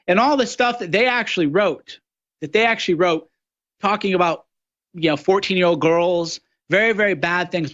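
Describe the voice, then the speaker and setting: Guest-hosting a political radio talk show, a man delivers a mocking monologue that slides into sneering impressions of his opponents. His voice sits high and a bit bright, and the sound is lo-fi.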